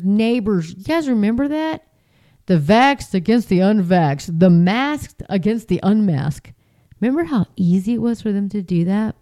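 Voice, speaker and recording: Chatty middle-aged woman, mellow voice. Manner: animated, chatty, jumps to high mocking voices. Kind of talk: casual spoken monologue.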